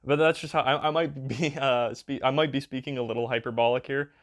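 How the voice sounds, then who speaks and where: A man's voice: medium pitch, steady tone, brisk. A man, rambling in a casual, crude and joking way as a video creator, with lots of fillers and playful exaggeration.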